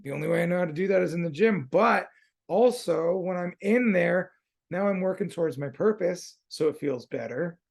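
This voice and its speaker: Laid-back gravelly man hosting a podcast. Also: sits high, expressive, normal speed. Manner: laid-back, slangy, swears freely. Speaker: podcast host. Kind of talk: casual conversation.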